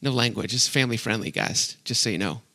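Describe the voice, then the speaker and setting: A man's voice: mid-range voice, fast, creaky, sharp tone. A middle-aged man hosting a casual podcast, upbeat and rambling, laughing often between filler words. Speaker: podcast host.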